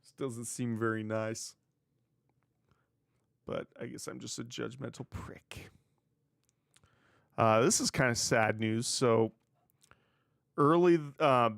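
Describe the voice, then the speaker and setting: A man's voice: mid-range voice, smooth, no echo, clean studio sound. A man hosting his own wrestling news show, chatting casually on his own, sarcastic and swearing freely. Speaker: wrestling news podcast host. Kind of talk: casual solo commentary.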